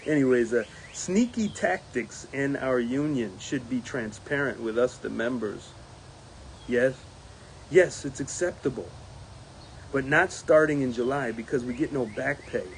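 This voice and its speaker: A man who is a union steward, giving a casual spoken report, animated and laughing often, mimicking others in a raised voice. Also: medium pitch, unhurried, long pauses, slight background noise.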